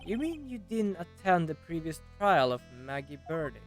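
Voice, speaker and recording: A man voicing a cool, brooding masked prosecutor with a low, dramatic delivery. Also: sing-song, normal speed, faint music behind.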